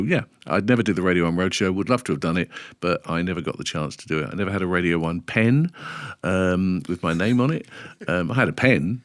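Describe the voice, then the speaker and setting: A middle-aged radio DJ with a deep voice tells lively anecdotes. He acts out bits of dialogue as he goes. The sound is dry and close. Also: no room sound. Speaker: radio DJ guest. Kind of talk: casual podcast interview.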